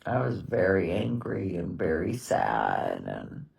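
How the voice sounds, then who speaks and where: A grieving middle-aged woman speaks in a slow, halting way, her voice often breaking into tears. She sits at some distance from the mic in a quiet house. The room around her is echoey. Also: very deep voice, huge pitch swings, gravelly. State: tearful. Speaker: widow sharing her grief. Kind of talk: personal confessional vlog.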